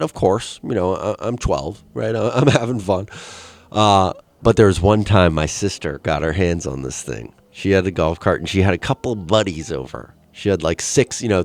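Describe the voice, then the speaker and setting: A young man hosting a casual solo podcast, telling a rambling, profane story and jumping into high, excited quoted voices. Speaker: podcast host.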